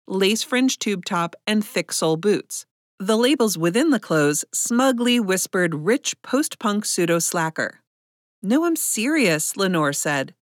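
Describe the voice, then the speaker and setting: A woman's voice: lowish voice, no room sound. Woman narrating an audiobook, dry close sound.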